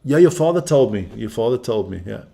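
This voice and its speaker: A man's voice: medium pitch, expressive, fairly quick, gravelly, dark tone. A man hosting a live stream as he watches a rugby match, joking, swearing and chatting with viewers and with people in the room. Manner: brash, profane, joking banter.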